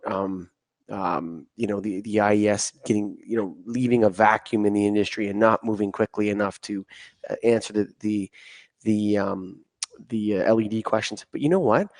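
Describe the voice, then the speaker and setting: A man's voice: lowish voice, fairly even intonation, normal speed, darkish tone, no echo. A man hosting a podcast interview at a conference, easygoing and chatty, with many fillers and restarts. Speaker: podcast host. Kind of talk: casual interview. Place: conference venue.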